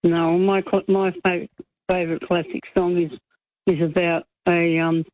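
A woman calling into talk radio, speaking earnestly with a few halting restarts. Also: fairly low pitch, little pitch movement, no room sound. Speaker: caller. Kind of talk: phone-in chat. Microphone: telephone. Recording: tinny dry phone line.

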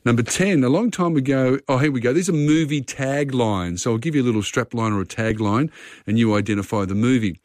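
A man hosting a radio quiz in a casual, chatty way, reading out questions and talking contestants through their answers. His voice is mid-pitched and sounds dry and close, recorded in a studio with no room echo. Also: animated, brisk, a little mellow.

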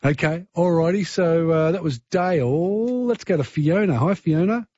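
A man's voice: a little high, normal speed, darkish tone, no echo, highs cut off. A man with an Australian accent hosting a talkback radio quiz, chatty and easygoing. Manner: chatty, easygoing, filler-heavy.

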